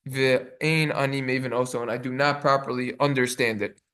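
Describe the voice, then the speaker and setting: A man's voice: medium pitch, steady tone, pushed and bright, clean tone. A man, a rabbi, gives a halachic lecture, reading sources in Hebrew and translating them with plenty of fillers. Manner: quick, reads sources aloud in Hebrew then translates with many fillers. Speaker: rabbi teaching a class.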